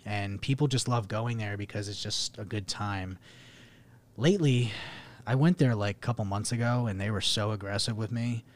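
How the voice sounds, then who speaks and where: A young man, co-hosting a podcast and telling dating stories in a casual, profane, animated way. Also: fairly low pitch, normal speed. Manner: profane, animated, laughing storyteller. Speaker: podcast co-host. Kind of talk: casual storytelling.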